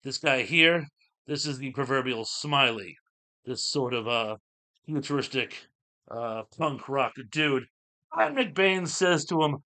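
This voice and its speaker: A man's voice: medium pitch, a little slow, sharp tone. A middle-aged man hosting his show, recapping a comic in a rambling, casual way with lots of fillers. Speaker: show host.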